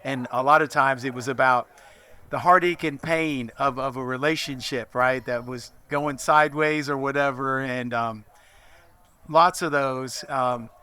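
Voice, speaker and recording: An older man, around sixty, speaks at a memorial with a bright, forward voice. He reminisces slowly and hesitantly, filling the pauses with fillers as he gathers his thoughts. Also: mid-range voice, steady tone, clear, resonant tone. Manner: measured, hesitant, many fillers. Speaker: old friend giving a eulogy.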